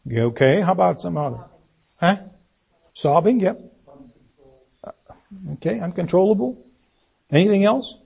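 A man's voice: high-pitched, normal speed, creaky, pauses often, a little mellow, breathy edge. A man teaching an interactive Bible study, reading scripture aloud and questioning his listeners about its meaning. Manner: questioning, asks the group for answers.

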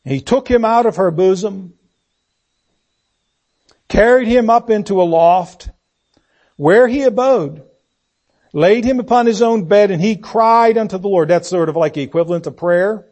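A man preaching a sermon. He asks the congregation rhetorical questions and swings between loud emphasis and hushed delivery. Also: high-pitched, moderate pace, pauses often.

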